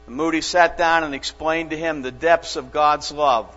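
A man preaching a sermon as a pastor, telling stories slowly and earnestly with dramatic pauses. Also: fairly high pitch, fairly even intonation, fairly bright tone. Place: church sanctuary. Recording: dull lo-fi church recording with long reverb and mains hum.

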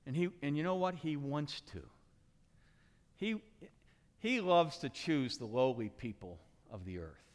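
A man preaching an animated sermon, dramatically acting out the characters in his story with sudden shouts and hushed asides. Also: a little high, a little slow, big-room sound. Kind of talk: animated sermon with acted-out voices.

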